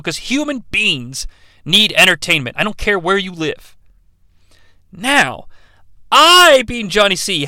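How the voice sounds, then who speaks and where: A man's voice: high voice, bright, forceful tone, no room sound. A man reviewing a movie in a sarcastic, profane, rambling comedic rant.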